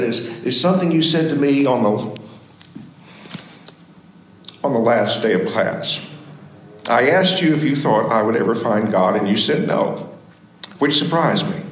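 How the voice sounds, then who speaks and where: Male pastor telling stories in a sermon, mid-pitched voice, big echo all around. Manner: folksy storyteller, animated in jokes. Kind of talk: sermon with storytelling. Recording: very echoey church room.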